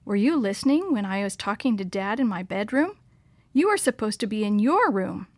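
A woman's voice: mid-range voice, big pitch swings, normal speed, dry recording. A woman reading aloud, voicing a boy who is a defensive, casual older brother.

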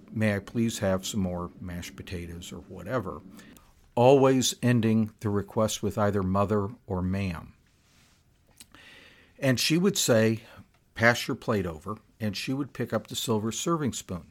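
An older man hosting a podcast, telling personal stories in a relaxed, conversational way with frequent restarts and asides. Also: on the low side. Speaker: podcast host. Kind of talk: casual personal storytelling.

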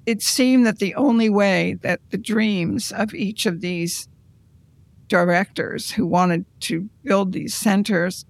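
An art conservator recounting their career in an interview, in a measured, reflective storytelling manner. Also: medium pitch, gravelly, dry recording.

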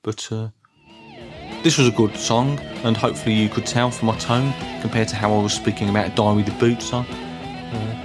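A man with a Birmingham accent talks through his podcast in a relaxed, conversational way. His delivery stays level and dry, with little rise in excitement. He is wry and quick to poke fun at himself. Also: on the low side, music in the background. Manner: wry, self-deprecating. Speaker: podcast host. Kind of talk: casual solo podcast talk.

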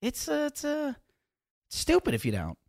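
Animated Canadian man, lively pitch. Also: moderate pace. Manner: animated, loud, projecting. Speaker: guest comedian. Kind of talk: casual podcast chat. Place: podcast studio. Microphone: close studio mic.

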